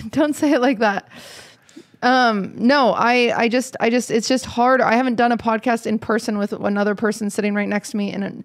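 A woman's voice: a little high, moderate pace. A young woman hosting a podcast in casual chat, teasing her co-host and laughing often, a little out of it and rambling. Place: studio, seated beside the co-host.

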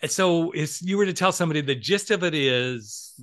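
A man in his forties hosts a relaxed podcast conversation with a bright, forward voice. He tells his stories with energy, slipping into other people's voices and laughing along the way. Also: on the high side, normal speed. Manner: animated storyteller who acts out quotes, laughs often. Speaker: podcast host. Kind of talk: casual chat.

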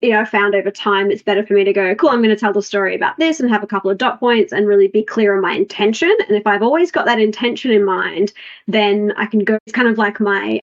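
A woman's voice: mid-range voice, fast talker. A woman hosting a podcast, chatting openly and correcting herself as she shares personal stories. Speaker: podcast host. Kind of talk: casual chat. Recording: slightly dull, lo-fi sound.

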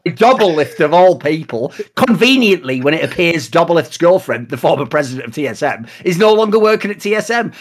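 A man co-hosting a podcast, talking in a sarcastic, mocking way with lots of swearing and animated storytelling. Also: a little high, brisk, few pauses. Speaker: podcast co-host. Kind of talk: casual podcast banter.

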